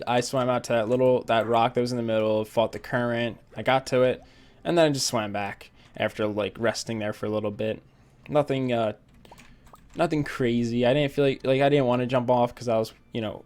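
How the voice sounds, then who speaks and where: A man's voice: medium pitch, darkish tone. A young man doing casual gameplay commentary, rambling through personal stories with many fillers and frequent laughs. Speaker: let's play gamer.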